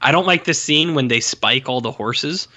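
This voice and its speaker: A chatty man co-hosting a podcast, rambling through a film review with lots of fillers and quick acted-out bits. His voice is bright and a little forceful. The audio sounds slightly dull and lo-fi. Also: medium pitch. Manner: rambling, laughing, acts out scenes in voices. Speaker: podcast co-host. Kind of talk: casual film review chat.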